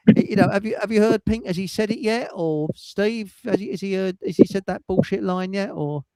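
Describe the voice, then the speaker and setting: A man's voice: high-pitched, fairly quick, darkish tone, no room sound, rough recording. A man hosting a livestream chat show, rambling and cheeky, swearing and laughing at his own jokes. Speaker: livestream host. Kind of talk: casual chat.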